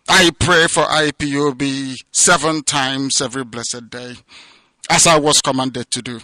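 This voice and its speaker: A man with a Nigerian accent giving an impassioned radio address, declaiming with loud peaks that drop to low, hushed passages. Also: steady tone, measured pace, no echo. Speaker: movement leader giving a radio broadcast.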